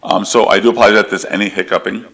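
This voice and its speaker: A man with a deep, low voice hosts a live stream interview. He speaks casually and hesitantly, with lots of fillers. The stream is recorded in an apartment. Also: steady tone, rapid-fire, fairly bright tone.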